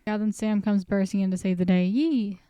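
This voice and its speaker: A woman's voice: medium pitch, a little fast, mellow, clean tone, no echo, rough recording. A woman casually recapping a story, chatty and full of joking asides. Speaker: recap host.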